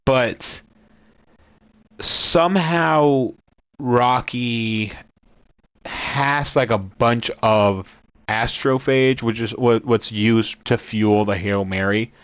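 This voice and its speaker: A man's voice: mid-range voice, very slow, a bit bright, clear, resonant tone, no room sound. A young man casually recapping a movie plot, rambling with many restarts and asides to the viewer. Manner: rambling, lots of restarts and "you know what I mean". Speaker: movie reviewer.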